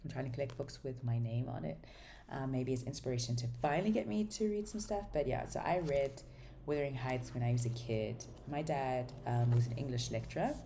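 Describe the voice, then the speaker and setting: A woman's voice: rumbling low, brisk, creaky, background noise. A woman chatting casually through a book haul, rambling and enthusiastic, full of ums and restarts. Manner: enthusiastic about books. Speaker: book vlogger.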